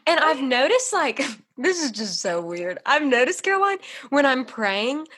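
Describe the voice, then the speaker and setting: A woman's voice: high-pitched, very animated, unhurried, a bit bright. Bubbly Southern woman host. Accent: Southern American. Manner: bubbly, enthusiastic, says 'like' a lot. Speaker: podcast host. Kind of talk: casual faith podcast chat.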